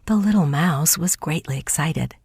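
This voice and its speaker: A woman narrating a folk tale audiobook in a soft, hushed, scripted reading. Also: low voice, normal speed, slightly rough, no echo, studio quality.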